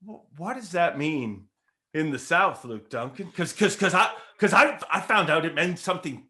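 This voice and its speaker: A Canadian man co-hosting a laid-back podcast, rambling and stumbling over repeated words. His voice sits high and sounds bright and forward. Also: lively intonation, normal speed. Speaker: podcast co-host. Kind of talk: casual podcast chat.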